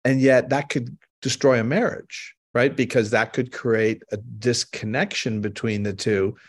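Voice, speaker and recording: A man hosts a podcast, talking earnestly and explaining his points through personal stories. His voice is mid-pitched. The sound is dry and close to the mic. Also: fairly even intonation, a little slow, no echo. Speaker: podcast host. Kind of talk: conversational storytelling.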